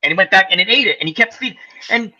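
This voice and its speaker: Animated storytelling man, bright lo-fi voice. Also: high voice, very fast. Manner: animated, acts out quoted voices, laughs often. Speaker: host. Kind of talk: casual storytelling chat. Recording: lo-fi muffled audio.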